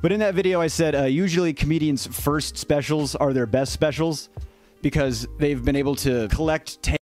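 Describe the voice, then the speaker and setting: A man's voice: a little high, moderate pace, darkish tone, soft background music. A man doing comedy commentary in a video, crude and sarcastic in tone.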